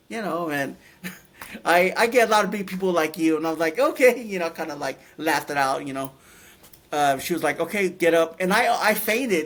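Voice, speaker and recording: A middle-aged man telling a personal story in a casual, halting way, with many fillers and restarts. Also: a little high. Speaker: interview guest.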